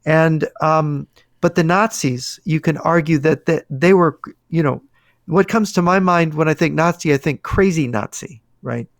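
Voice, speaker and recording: This is an animated man talking over a video call. His voice is pitched somewhat high for a man, and he leans on quotes and anecdotes from history books. The sound is dry and close. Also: a little slow, no echo.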